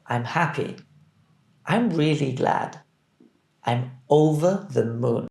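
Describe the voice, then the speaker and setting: A man teaching English, reading phrases deliberately and clearly so that learners can repeat them. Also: on the high side, animated, darkish tone. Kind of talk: scripted language drill. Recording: roomy echo.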